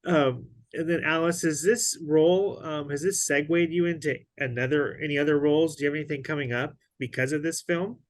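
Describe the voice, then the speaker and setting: A man's voice: fairly high pitch, steady tone, a little fast, hardly any pauses. A man hosting an interview, friendly and affirming as he asks questions. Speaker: interview host. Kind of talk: casual interview.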